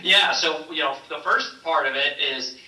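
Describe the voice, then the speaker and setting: Male author guest, energetic storyteller, very bright tone, roomy distant sound. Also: fairly high pitch, a little slow. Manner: energetic storyteller with a polished speaking rhythm. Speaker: author and speaker, interview guest. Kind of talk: interview answers with told anecdotes. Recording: roomy echo, distant mic.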